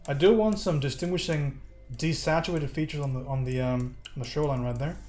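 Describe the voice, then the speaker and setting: A somewhat fast, darkish, fairly high-pitched male voice comes from an American streamer teaching digital painting. He keeps things casual and jokey with his viewers, and faint music plays behind.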